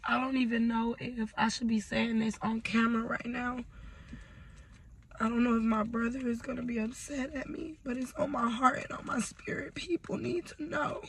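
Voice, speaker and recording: A woman vlogger talking through tears in an emotional personal vlog. She speaks haltingly, breaks off mid-sentence and drops to near-whispers. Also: on the high side, level tone, a bit bright, a little hiss or hum. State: tearful.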